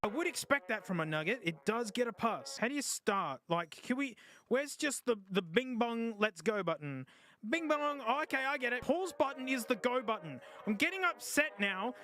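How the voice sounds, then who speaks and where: A man's voice: very high-pitched, very animated, moderate pace, bright, forceful tone. A man doing casual, jokey live-stream gaming commentary, yelping and groaning at the game as he plays.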